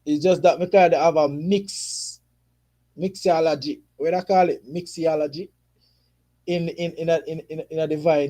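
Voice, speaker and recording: A man's voice: fairly high pitch, warm tone. A Jamaican man hosting a casual football livestream and chatting with viewers, mixing patois with English. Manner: patois mixed with English, frequent "you see me" tags. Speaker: football streamer. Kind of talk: casual livestream chat reading viewer comments.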